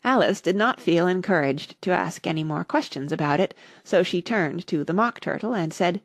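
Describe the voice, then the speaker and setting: A woman narrating a classic storybook with steady, unhurried storytelling. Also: lowish voice, no room sound, clean studio sound. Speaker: audiobook narrator.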